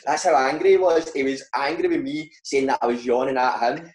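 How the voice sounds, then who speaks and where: A man's voice: mid-range voice, moderate pace, few pauses, echoey room. Laughing Scottish man telling stories. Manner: animated, laughing, fillers like "mate" and "right". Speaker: footballer guest. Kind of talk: casual chat, storytelling.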